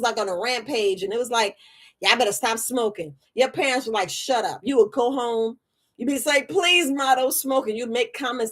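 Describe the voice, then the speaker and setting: A woman hosts a casual livestream as an herbalist. She talks in an animated, chatty way, restarting her phrases and throwing asides to her viewers. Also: on the high side, breathy edge. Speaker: herbalist host. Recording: phone on a livestream.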